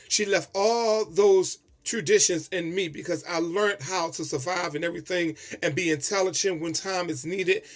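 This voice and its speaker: A man with a notably high voice speaks in a heartfelt, expressive way, as if straight to his viewers. He is tearing up as he talks through his personal tribute video. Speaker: vlogger.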